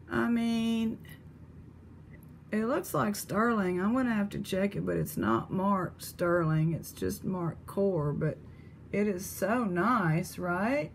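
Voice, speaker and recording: A woman's voice: mid-range voice, animated, slow pace, slight background noise. A woman chatting casually in a vlog, exclamatory and thinking aloud as she shows her finds. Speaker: vlog host. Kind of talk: casual vlog chat showing thrift finds.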